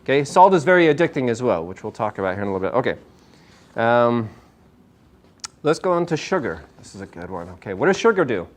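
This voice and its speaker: A chiropractor speaking quickly in a medium-pitched voice runs an informal nutrition session for a small group in a meeting room. Energetic and admittedly hyper, he keeps throwing questions at the audience.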